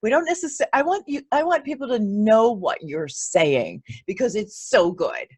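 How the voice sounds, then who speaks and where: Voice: mid-range voice, lively intonation, normal speed, breathy edge. An interview host talking in a casual chat, gushing with praise and stammering through restarts and false starts. The delivery stays enthusiastic throughout.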